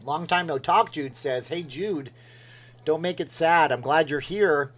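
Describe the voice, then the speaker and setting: A man's voice: a little high, measured pace. A man hosting a casual livestream, rambling and joking as he reads out viewer comments. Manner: rambling, jokey, responds to chat. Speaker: livestream host. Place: Las Vegas.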